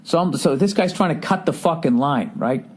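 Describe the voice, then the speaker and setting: A man's voice: fairly high pitch, animated, brisk, slightly rough. A middle-aged man hosting a podcast, telling stories in a profane, exasperated comedic rant. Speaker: podcast host.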